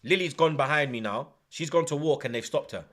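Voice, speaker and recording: Male streamer, animated casual storyteller, bright tone pitched a little high. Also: a little fast. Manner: animated, swears often, heavy slang. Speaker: livestream host.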